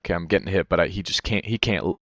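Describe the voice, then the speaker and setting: Deep-voiced man rambling over a replay. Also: rapid-fire, creaky, no room sound, muffled recording. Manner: rambling, self-critical, swears a lot, fillers "you know". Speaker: player reviewing his own match. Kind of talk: casual game review commentary. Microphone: headset.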